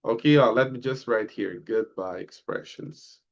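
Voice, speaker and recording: A man teaching an introductory class, drawing out model phrases slowly for students to repeat, on slightly muffled audio. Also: mid-range voice, gravelly. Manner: slow, drawn-out model phrases for repetition. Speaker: English teacher. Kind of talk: online English lesson.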